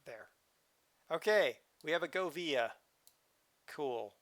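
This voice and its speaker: Casting: male game streamer, bright and a touch high, playful and jokey, loose live chat. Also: animated, slow, long pauses. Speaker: livestream host. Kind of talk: casual game commentary.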